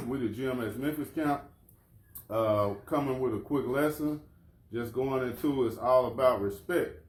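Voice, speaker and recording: A man's voice: mid-range voice, a little slow, darkish tone, reverberant. A man leading an informal religious lesson, casual and conversational, often calling people "man" and "bro". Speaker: lesson leader.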